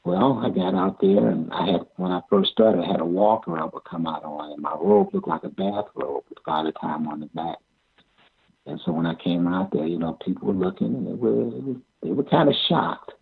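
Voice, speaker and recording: An older man recounts his wrestling days in a low, gravelly, husky voice. He talks haltingly, circles back on his words and chuckles as he goes. The sound is thin and tinny, like a phone line. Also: very animated. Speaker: amateur pro wrestler. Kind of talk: interview storytelling.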